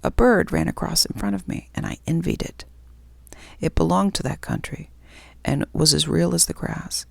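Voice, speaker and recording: Brief: woman reader, whispered role-play, gravelly texture, dry close mic. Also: sits low, no echo. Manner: slow, hushed storytelling. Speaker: audiobook reader.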